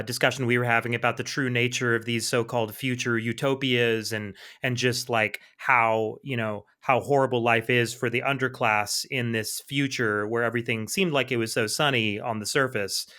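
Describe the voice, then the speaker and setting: A man's voice: mid-range voice, fairly even intonation, normal speed, sharp tone. A man co-hosting a podcast, recapping a comic in a rambling, enthusiastic way. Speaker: podcast co-host. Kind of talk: casual comics discussion.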